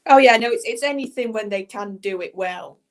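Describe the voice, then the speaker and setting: A woman on a live panel, chatting in a relaxed, musing way. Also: medium pitch, a little fast. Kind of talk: casual panel chat.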